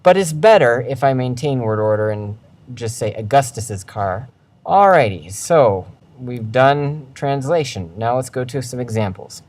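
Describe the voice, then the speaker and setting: A man teaching Latin in a recorded lecture over slides, walking through each step methodically and reading out word forms slowly and carefully. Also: mid-range voice, animated, a little mellow. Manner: methodical, walks through steps one by one.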